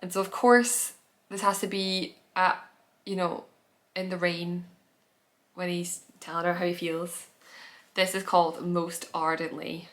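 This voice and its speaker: Filming at home, a podcast host talks casually and enthusiastically to the camera, often abandoning sentences and beginning again. Her voice is fairly low and fairly bright, with fairly even intonation. She keeps a measured pace and pauses often.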